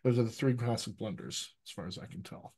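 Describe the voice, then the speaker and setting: Lively American man coaching actors. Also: on the low side, brisk. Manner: lively, teacherly, keeps asking "right?". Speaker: dialect coach. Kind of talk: live online coaching talk.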